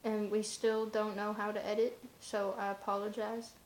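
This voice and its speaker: A woman's voice: medium pitch, little pitch movement, normal speed, a little hiss or hum. A woman talking in a casual vlog monologue, rambling and offhand, in loose run-on asides. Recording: roomy echoey room.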